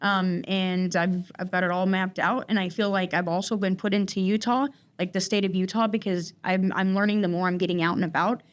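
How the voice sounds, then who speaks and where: A woman's voice: medium pitch, fairly even intonation, fairly quick, few pauses. A woman recounting her personal story in an interview, talking in a rambling way with many fillers and restarts. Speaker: guest in recovery.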